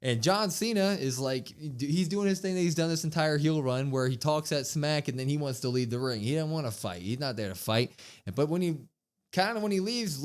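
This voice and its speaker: Animated man recapping wrestling. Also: on the high side, slight background noise. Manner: animated retelling, acts out quotes. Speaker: wrestling podcast co-host. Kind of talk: casual recap chat.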